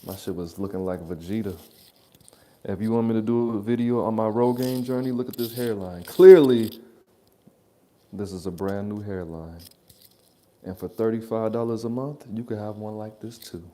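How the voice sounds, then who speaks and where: A man's voice: lowish voice, moderate pace, warm tone. A man hosting a reaction channel, rambling through blunt, profane, joking advice in a casual monologue from his apartment.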